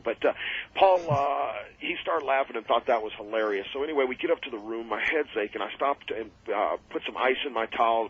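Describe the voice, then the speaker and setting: A man telling road stories as a guest on a radio show, rambling and animated, laughing at his own tales. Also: mid-range voice. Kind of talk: casual radio interview storytelling. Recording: muffled old radio broadcast.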